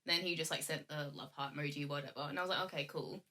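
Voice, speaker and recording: A young woman, appearing as a guest, tells a story in a casual chat in a low, steady voice that's very fast, bright and forceful. She's chatty, laughs often and acts out the lines she quotes from other people.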